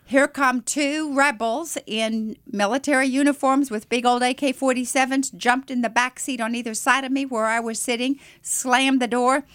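Missionary lady telling a wild story, kinda high voice, dry close sound. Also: moderate pace, hardly any pauses, dry recording. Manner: animated, dramatic storyteller. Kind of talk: testimony storytelling in an interview.

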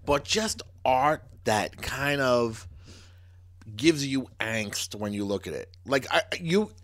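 Joking, animated male podcast co-host. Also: medium pitch, slow pace. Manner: joking, animated, laughs often. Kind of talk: casual chat.

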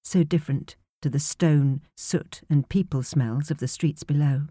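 A woman narrating an audiobook in a measured, even storytelling manner, close to a studio mic. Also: sits low, dry recording. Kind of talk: scripted narration.

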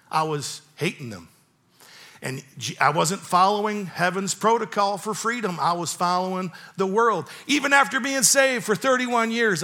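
A pastor in his fifties preaches with a bright, forceful tone. His voice sits a touch high for a man. He tells a personal story earnestly, repeating key lines and dropping low for quiet points. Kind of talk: sermon.

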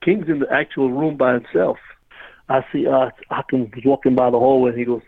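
A man's voice: mid-range voice, fairly even intonation, quick pace, creaky, dry recording, narrow, tinny audio. A man telling a rambling, casual story as a podcast guest, repeatedly saying "you know what I mean".

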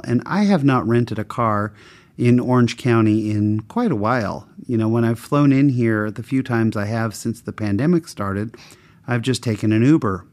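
A man of average pitch telling a personal story with a faith lesson at the end. He talks in a candid, self-mocking, conversational way. When he plays the people in his story, his pitch jumps up and down a lot. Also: darkish tone. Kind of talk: personal anecdote with a moral lesson.

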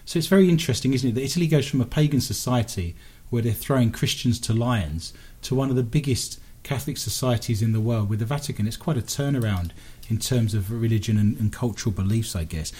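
A man's voice: medium pitch, warm tone, breathy edge. A man hosting a podcast quiz, talking casually and rambling with restarts. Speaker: quiz show host.

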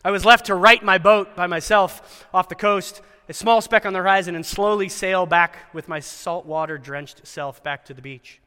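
A man with a fairly high, bright voice delivers a school chapel sermon, mixing scripture reading with wry, animated commentary. He acts out the quoted lines with flair. His voice rings with the long reverb of a large hall. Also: normal speed, hardly any pauses, clean tone. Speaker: chapel speaker at a Christian school.

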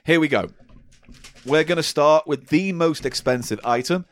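A man's voice: fairly high pitch, moderate pace. A man hosting a casual comedy podcast, teasing his co-host quiz-style. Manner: teasing, quizmaster-like.

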